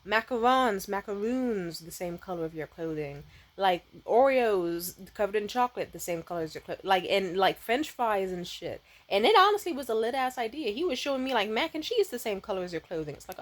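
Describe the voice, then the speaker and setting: A woman's voice: fairly high pitch, lively intonation, fairly quick. A woman vlogger casually telling a story, swearing freely, laughing often and saying "like" a lot. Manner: profane, laughs often, lots of "like".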